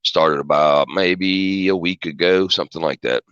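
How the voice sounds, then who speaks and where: A man's voice: low voice, a little slow, a bit bright, smooth, dry recording, dull audio. A man from Georgia hosting a casual livestream chat, rambling and restarting his sentences. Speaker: livestream host.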